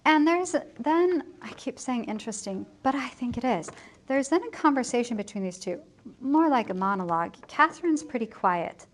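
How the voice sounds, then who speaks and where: Chatty, fairly high-voiced woman teacher. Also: lively intonation, normal speed. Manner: chatty, self-correcting, acts out quotes lightly. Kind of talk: casual plot summary for students. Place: school building at lunchtime.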